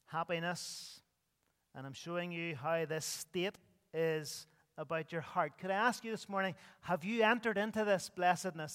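A man preaches an earnest sermon in a church, his voice swelling and falling for emphasis. His voice sits high and sounds smooth and resonant. A long reverb from the hall trails each phrase. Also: fairly bright tone. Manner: earnest preaching with sweeping rises and drops. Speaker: pastor.

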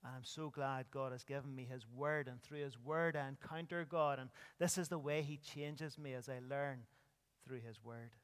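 A man's voice: medium pitch, moderate pace, clean tone, long reverb tail. A man preaching an earnest sermon as pastor, his voice rising and dropping with emphasis. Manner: earnest preaching with sweeping rises and drops.

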